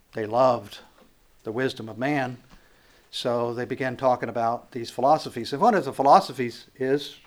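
A man, a pastor, preaching a conversational sermon, acting out quotes and building to emphatic, raised passages. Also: mid-range voice.

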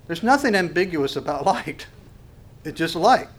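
A man preaching a sermon, swinging from hushed to loud and asking the congregation rhetorical questions. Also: high voice, expressive, normal speed. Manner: acts out quoted voices. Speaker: pastor.

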